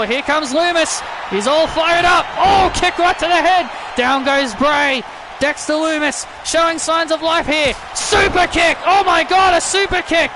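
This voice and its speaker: A man giving excited play-by-play commentary over a wrestling video game, often shouting his calls. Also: extremely high pitch. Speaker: gaming commentator. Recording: loud game crowd and noise behind. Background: wrestling game crowd noise.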